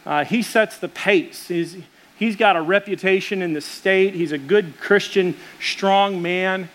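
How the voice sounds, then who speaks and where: A man's voice: high voice, measured pace, fairly bright tone. A middle-aged man preaching a sermon as pastor, telling stories in a casual way with many fillers.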